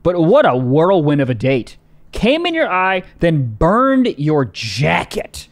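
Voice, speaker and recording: A man co-hosting a casual podcast chat, profane and animated, often jumping into high mock voices. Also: takes it slowly. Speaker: podcast co-host.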